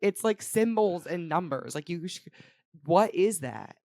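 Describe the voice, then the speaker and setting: A woman's voice: fairly low pitch, expressive, unhurried, vocal fry, warm tone, no echo, clean studio sound. A young woman co-hosting a podcast, chatting casually with strong opinions, frequent swearing and laughter. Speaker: podcast co-host. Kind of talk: casual chat.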